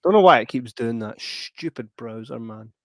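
Sweary laughing Scottish podcast host. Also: male voice, medium pitch, moderate pace, no room sound, clean studio sound. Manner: sweary, laughing, animated storytelling. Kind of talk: casual chat.

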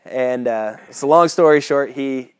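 A man's voice: mid-range voice, a little slow, smooth, no echo. A man preaching a sermon, telling a personal story in a casual, chuckling way and often asking the listeners "right?".

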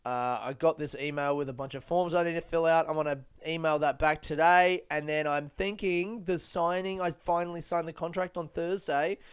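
A man's voice: fairly high pitch, fairly even intonation, normal speed, hardly any pauses, smooth. A young man hosting a casual solo podcast, rambling, swearing and poking fun at himself. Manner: rambling, sweary and self-mocking. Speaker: podcast host.

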